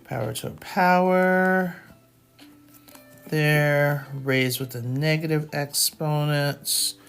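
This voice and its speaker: A woman's voice: deep voice, slow pace, clean tone, soft background music. A woman teaching math in a casual, chatty way, telling stories, laughing often and saying "like" a lot. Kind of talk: casual lesson with storytelling.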